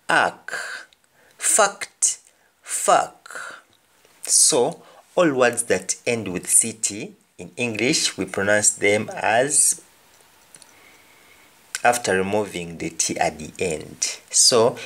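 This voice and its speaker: A man's voice: medium pitch, a bit bright. A man with a Jamaican accent teaching a language lesson, saying each example phrase twice and then translating it. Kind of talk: slow explanatory lesson with repeated example phrases.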